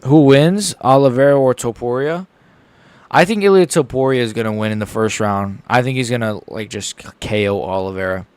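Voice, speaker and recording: A man's voice: mid-range voice, a little fast, smooth, dry recording. A young man hosting a casual live reaction stream, rambling and stumbling over his words as he chats. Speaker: livestream host.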